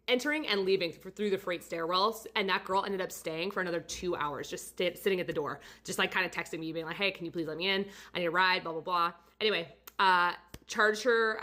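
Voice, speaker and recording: A woman photographer casually telling a story about a client, chatty and full of fillers. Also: medium pitch. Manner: chatty, many fillers, animated retelling. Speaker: portrait photographer and studio owner.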